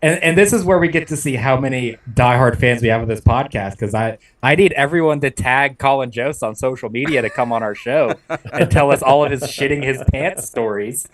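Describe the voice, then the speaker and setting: A man's voice: medium pitch, fairly quick, far from the mic. A man hosting a comedy podcast, joking and riffing on a guest's stories in casual chat. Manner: jokey, laughs along, riffs on the guest's stories. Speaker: podcast host.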